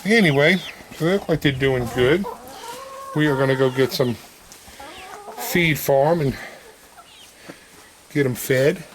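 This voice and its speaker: A man giving a relaxed, chatty walk-through of his farm, talking fondly to his chickens as he feeds them. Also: medium pitch, measured pace, pauses often, slight background noise. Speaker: homesteader showing his farm. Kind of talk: casual walk-through vlog. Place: outdoors on a farm, in and around a chicken coop. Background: chickens clucking and a rooster.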